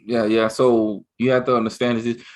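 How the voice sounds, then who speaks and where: A man co-hosting a casual chat, talking excitedly and rambling, with many restarts. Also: medium pitch, normal speed. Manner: excited, rambling, with lots of restarts and "you see what I'm saying". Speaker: co-host.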